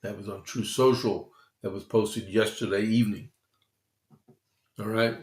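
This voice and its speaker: Slow, low-voiced man in an echoey room. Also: fairly even intonation. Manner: loose and unscripted, many fillers, talks to viewers in chat. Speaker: host. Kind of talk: casual political news commentary livestream.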